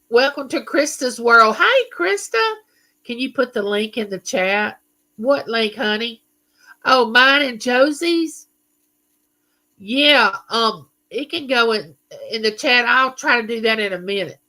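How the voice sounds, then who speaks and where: A woman's voice: on the high side, a little slow, bright, forceful tone. A middle-aged woman hosting a live chat, greeting viewers and reading their comments aloud. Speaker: livestream host.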